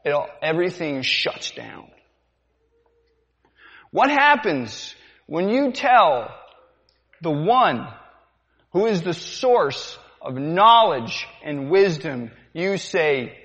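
High-voiced male preacher, lively delivery, rhetorical questions; dull lo-fi recording. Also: slow pace, long pauses. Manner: rhetorical questions, repeats lines for effect. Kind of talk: sermon. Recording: dull sound, long hall reverb.

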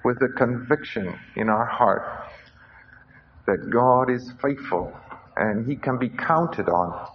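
A man's voice: mid-range voice, takes it slowly. A man preaching a sermon at a conference, earnest, repeating his key phrases. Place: conference hall. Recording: dull lo-fi recording with faint hiss.

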